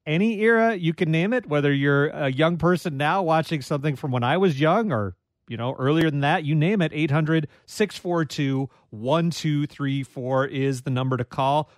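A man hosts a radio call-in show in a chatty, self-deprecating way, with quick interjections between callers. His voice sits a bit high for a man. The studio sound is dry and close on the microphone. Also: dry recording. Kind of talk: casual radio call-in chat.

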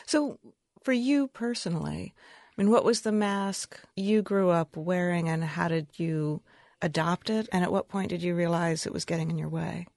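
A woman's voice: fairly low pitch, moderate pace, creaky, a little mellow, no room sound, studio quality. A woman interviewing a guest, asking probing, thoughtful questions.

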